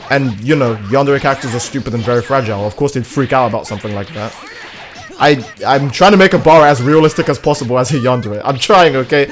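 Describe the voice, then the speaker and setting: Young male streamer, rambling, crude jokes, casual gaming chat, mid-pitched voice. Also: animated, quick pace, soft background music.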